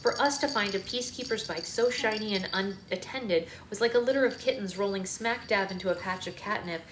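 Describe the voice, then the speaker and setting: A woman's voice: medium pitch, brisk, reverberant, background noise. A woman reading a novel aloud for a livestream book club, narrating steadily in the first person. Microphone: phone.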